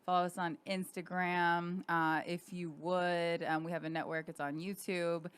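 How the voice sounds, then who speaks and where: Chatty young woman podcast host, smooth voice. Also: fairly low pitch, flat delivery, moderate pace. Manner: chatty, rambling with many fillers. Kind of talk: casual podcast chat. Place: podcast studio.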